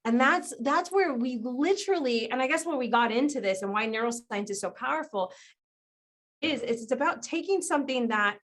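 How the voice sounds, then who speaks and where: Lively, animated woman explaining habits. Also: high voice, normal speed. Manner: animated, acts out quoted voices; laughs often while explaining. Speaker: guest business strategist. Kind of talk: conversational podcast interview.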